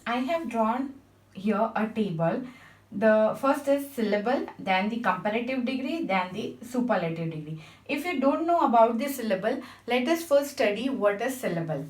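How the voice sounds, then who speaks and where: A woman teaching a grammar lesson, patiently spelling out letters and checking with her class. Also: on the high side. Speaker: English teacher. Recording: echoey room, mic at a distance.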